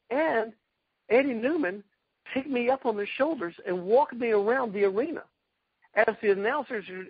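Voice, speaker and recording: A man from South Carolina, a retired karate champion, telling lively anecdotes in a casual interview and acting out the voices of people he quotes. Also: very high voice, husky, no echo, dull audio.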